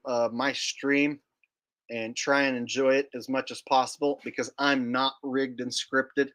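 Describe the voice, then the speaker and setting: A man's voice: mid-range voice, bright, forceful tone. A man hosting a casual livestream, joking and rambling while reading chat aloud. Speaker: livestream host.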